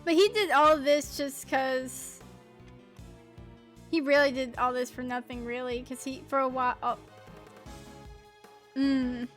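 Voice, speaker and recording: High-voiced woman rambling while streaming. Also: flat delivery, a little slow, pauses often, a bit bright, soft background music. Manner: rambling, laughing, mild swearing. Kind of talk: casual game-stream commentary.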